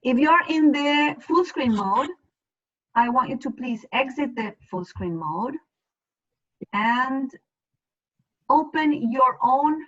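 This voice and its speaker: A woman's voice: sits high, a bit bright, dull audio. A woman teaching a Spanish class over a video call, explaining patiently and step by step. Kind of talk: online class lesson.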